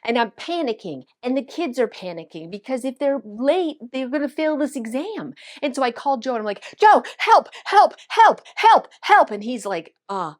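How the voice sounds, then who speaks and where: A woman, a vlog host telling a story to camera in an animated, dramatic way and acting out the quotes. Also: on the high side, brisk, few pauses.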